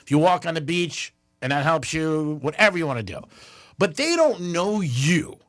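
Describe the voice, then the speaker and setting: A male radio host who tells stories in lively, casual banter and laughs often. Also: a little high, normal speed. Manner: animated storyteller, laughs often.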